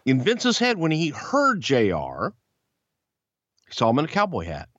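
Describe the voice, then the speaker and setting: A man with a Southern accent talks bluntly and colorfully, swearing freely as he tells a story. His pitch rises and falls constantly, and he often slips into excited voices. The recording is dry and somewhat dull, with little high end. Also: measured pace, dry recording. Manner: blunt, profane, animated, puts on excited voices. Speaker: podcast co-host. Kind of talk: casual storytelling chat.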